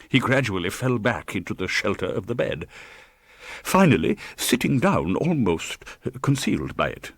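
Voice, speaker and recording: A man's voice: on the low side, sing-song, moderate pace, a bit bright, husky, dry recording. A man reading an audiobook in a dramatic, tense manner, close to the microphone. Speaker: audiobook narrator. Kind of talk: scripted audiobook narration.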